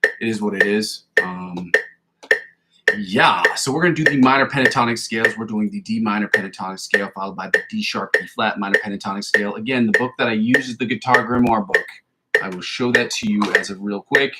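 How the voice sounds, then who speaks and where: A man's voice: lowish voice, fairly quick. A man hosting a guitar practice livestream, calling out scale positions and tempos, then chatting loosely with fillers and the odd swear word. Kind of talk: casual spoken instruction during practice. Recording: loud background noise with clicks.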